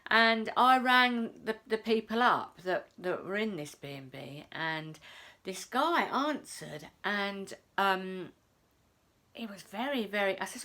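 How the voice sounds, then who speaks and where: Chatty woman with a lively voice. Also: mid-range voice, slow pace. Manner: chatty, repeats phrases, says "I says". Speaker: self-help vlogger. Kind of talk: casual storytelling to camera.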